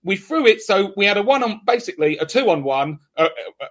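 A man hosting a podcast speaks with a notably high voice. He argues his point with force and insistence, pressing each claim hard. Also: big pitch swings, fairly quick, fairly bright tone. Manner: emphatic, argumentative. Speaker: podcast host. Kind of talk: casual podcast chat.

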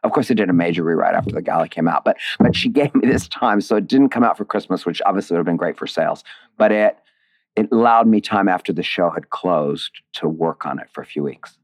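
A man's voice: low voice, fast. A man being interviewed about his writing, talking expressively and digressively with many restarts. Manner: expressive, digressive, emotional at times. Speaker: author and lyricist. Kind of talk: interview conversation.

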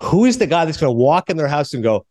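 Fast-talking animated male podcast host. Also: a little high. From Canada. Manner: animated storyteller, acts out quotes. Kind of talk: casual sports and film chat.

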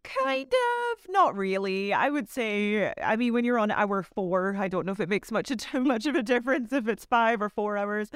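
A woman's voice: mid-range voice, expressive, moderate pace, hardly any pauses, clear, resonant tone, dry recording, clean studio sound. A woman actor being interviewed, chatting casually with easy laughs and lots of fillers. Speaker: actor guest.

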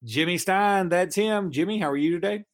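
A man's voice: high-pitched, moderate pace. A man in his thirties co-hosting a casual sports podcast, telling stories in a rambling way and often stopping to restart his sentences. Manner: rambling, self-interrupting storyteller. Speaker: podcast co-host.

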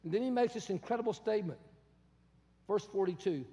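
A man preaches with a strikingly high voice, and his words ring out with a long reverb through a large church hall. He tells the story with animated, acted-out voices, rising to shouts and dropping to near whispers. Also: fairly quick, long pauses. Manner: animated storytelling, acts out quoted voices, shifts from shouting to soft. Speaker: pastor. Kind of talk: sermon.

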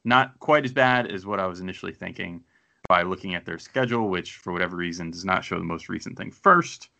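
A man's voice: low-pitched, brisk, creaky, pushed and bright. A man hosting a casual sports podcast, rambling and self-deprecating as he thinks aloud. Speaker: podcast host.

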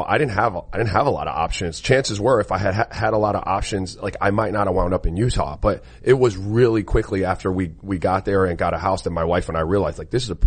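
A man in his forties with a low, husky voice talks sports in a loose, slangy way. He recorded close to the mic in a dry space. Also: no echo. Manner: animated, loose, lots of fillers and slang. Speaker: former pro basketball player, co-host. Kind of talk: casual sports talk.

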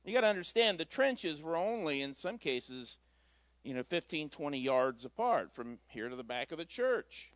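On Christmas Eve, a pastor preaches a sermon in church, telling a story in a folksy, conversational way full of asides. His voice is on the high side, and there's no echo.

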